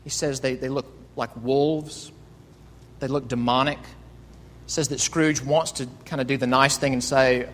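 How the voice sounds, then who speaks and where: A man's voice: medium pitch, moderate pace, fairly bright tone, long reverb tail. A male pastor preaching a sermon earnestly, asking rhetorical questions and often repeating words as he goes.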